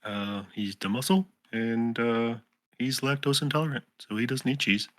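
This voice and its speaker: A man player introducing himself and his character in a relaxed, joking manner. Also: mid-range voice, moderate pace, dry recording. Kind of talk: casual chat.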